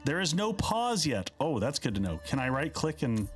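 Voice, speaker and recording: A man streaming a game live, chatty and playful, his pitch bouncing up and down as he reacts and reads dialogue out loud. Faint game music plays underneath his voice. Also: very animated, normal speed. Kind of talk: casual live-stream commentary.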